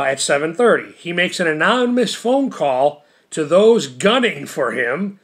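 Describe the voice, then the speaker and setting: A giggly man rambling through a casual episode recap, constantly breaking into laughter. His voice sits a touch high, and he wanders along with plenty of "uh" and "you know". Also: fairly bright tone. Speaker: show reviewer.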